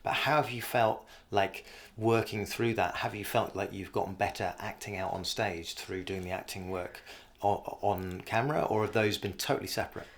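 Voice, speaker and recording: A man's voice: lowish voice, steady tone, normal speed, hardly any pauses. A man hosting a podcast, interviewing a comedian in a thoughtful, encouraging way with plenty of ums. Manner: thoughtful and encouraging, with many fillers. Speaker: podcast host. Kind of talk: casual interview.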